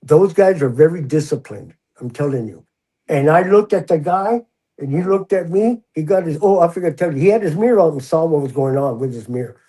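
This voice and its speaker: A husky, mellow-toned older man tells his story as a guest in a relaxed interview. He talks in a slightly higher register and acts out the lines of the people in his story. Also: fairly quick, rough recording. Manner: animated, acts out the quoted voices. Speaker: guest, retired prison officer. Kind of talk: casual storytelling in a podcast interview.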